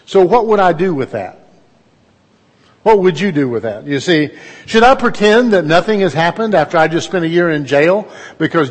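A man's voice: high-pitched, husky, big-room sound. A middle-aged man, preaching a conversational sermon in a folksy, storytelling way and putting questions to his listeners.

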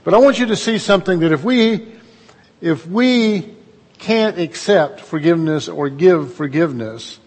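A man's voice: a little high, unhurried, slightly rough, long reverb tail. A middle-aged man, preaching a conversational sermon in a folksy, storytelling way and putting questions to his listeners.

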